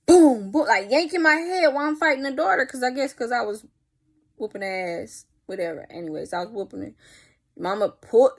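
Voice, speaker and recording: A young woman telling a story in a casual vlog, animated and profane, with spoken sound effects. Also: a little high, fairly quick. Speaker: vlogger.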